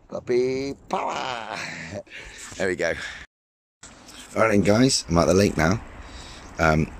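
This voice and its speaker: A man with a hoarse voice from a cold, chatting casually and cheerfully into a handheld camera beside a small overgrown lake. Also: lowish voice, slight background noise. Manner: upbeat, rambling, laughs often. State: hoarse, losing his voice from a cold. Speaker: fishing vlogger.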